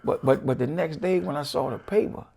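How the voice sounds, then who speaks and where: Middle-aged man, Washington DC accent, quick and husky, animated storyteller. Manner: animated, acts out quoted voices at a higher pitch, many repeated words. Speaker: guest. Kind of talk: casual storytelling.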